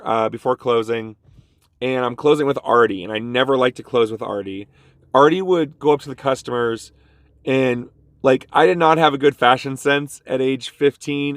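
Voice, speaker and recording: A man's voice: mid-range voice, no room sound, clean studio sound. A man telling a casual story about a bad job to his vlog audience, jumping into the voices of the people in it. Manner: animated, jumps into quoted voices. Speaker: vlogger.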